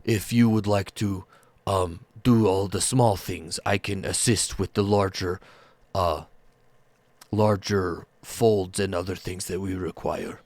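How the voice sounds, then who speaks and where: A man voicing a slow, courteous ogre smith. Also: low-pitched, steady tone, a little mellow, dry recording. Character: huge male ogre smith, calm and methodical.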